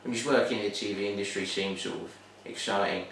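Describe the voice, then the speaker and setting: A man's voice: fairly low pitch, fairly even intonation, quick pace, vocal fry, fairly bright tone, a little hiss or hum. Young Cockney man, echoey and distant. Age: young adult. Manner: rambling, full of "sort of" and "like". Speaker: TV production student. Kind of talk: casual interview answers. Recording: very echoey room, distant mic.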